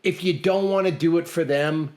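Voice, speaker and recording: A slightly high, somewhat mellow voice belongs to a middle-aged Canadian podcast co-host speaking at a moderate pace. He is blunt and emphatic in casual motivational conversation, often saying things more than once.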